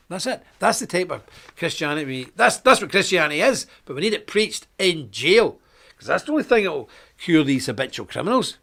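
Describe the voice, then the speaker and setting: Forceful man preaching. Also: a little high, sing-song, fairly quick, gravelly. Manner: forceful, preachy, with sudden bursts of emphasis. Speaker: host of a live web show. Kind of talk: live-streamed preaching talk.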